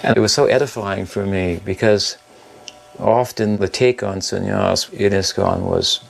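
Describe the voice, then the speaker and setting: A man's voice: on the low side, fairly even intonation, a little slow, vocal fry. A man in his seventies, a monk, thoughtfully recalling a story in an interview. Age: 70s. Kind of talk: reminiscing interview.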